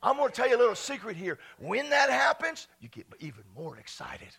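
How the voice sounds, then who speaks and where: A middle-aged man preaching with exuberant energy. His voice sits very high and swoops widely. It has a gravelly, husky edge. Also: very animated, fairly quick. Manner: exuberant, shouting and laughing between quiet asides. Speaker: pastor. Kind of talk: energetic sermon.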